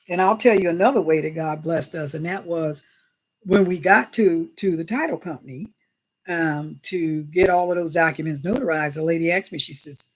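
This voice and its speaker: Chatty woman hosting a livestream. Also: low voice. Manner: chatty, animated, greets viewers in chat; often invokes God and Jesus. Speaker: livestream host. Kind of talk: casual livestream chat.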